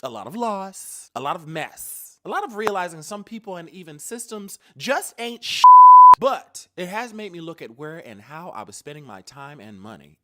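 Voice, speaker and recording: A woman delivering a comedic monologue in a video clip, dramatic and swinging between quiet asides and sudden outbursts. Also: low voice.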